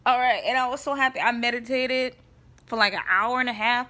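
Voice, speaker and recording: A woman's voice: a little high, animated, normal speed, bright, forceful tone. A woman giving a casual faith talk to camera, chatty and emphatic, often checking in with her listeners. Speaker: vlogger.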